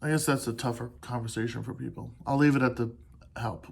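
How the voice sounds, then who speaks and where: A man talking alone into a podcast mic, earnest and heartfelt. He halts and restarts often and lets thoughts trail off. His pitch sits in an ordinary middle range, and he swears casually. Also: fairly even intonation, fairly quick, gravelly, breathy edge. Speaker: solo podcast host. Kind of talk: candid solo podcast monologue.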